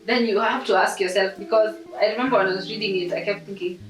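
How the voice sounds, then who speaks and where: A woman's voice: mid-range voice, fast talker, soft background music. A woman co-hosting a casual book chat, eager and given to laughter, with plenty of "um"s and hesitations. She sits well back from the mic, and her voice carries a roomy echo. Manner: enthusiastic, laughs often, hesitant with fillers. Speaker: podcast co-host. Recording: roomy sound from a distant mic.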